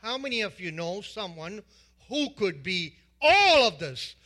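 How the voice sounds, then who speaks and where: Man, pastor, sermon, lively rising and falling pitch, bright, asks the congregation questions. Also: measured pace. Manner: emphatic, repeats words in lists, asks the congregation questions.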